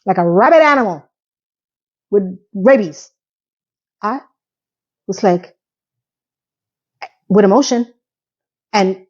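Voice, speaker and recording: A woman's voice: on the high side, a little mellow, muffled recording. A woman casually recapping a TV episode in a chatty, sarcastic, incredulous way. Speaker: TV recap vlogger.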